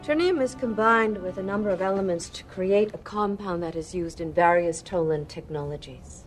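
An actress playing a composed female alien diplomat with a calm, measured, formal manner. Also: lowish voice, faint music behind, natural voice.

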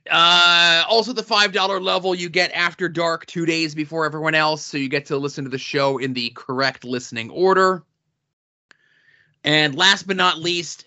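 A man co-hosting a casual podcast, reading listener notes and product listings in a dry, deadpan way. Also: a little high. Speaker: podcast co-host. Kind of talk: casual podcast chat with sponsor reads. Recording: dull lo-fi audio.

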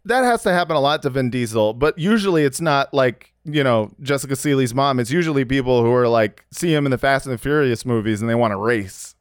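A man's voice: medium pitch, brisk, few pauses, smooth, no room sound, studio quality. A young man co-hosting a comedic podcast, crude, rambling and jokey. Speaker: podcast co-host. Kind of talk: casual comedic chat.

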